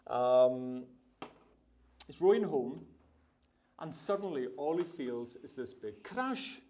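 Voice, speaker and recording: A man's voice: medium pitch, animated, takes it slowly, a little mellow. A man with a Hebridean Scottish accent, chatting and telling a yarn with laughs while cooking. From Isle of Lewis, Scotland. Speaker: baker giving a cooking demonstration. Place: food festival hall, demo stage.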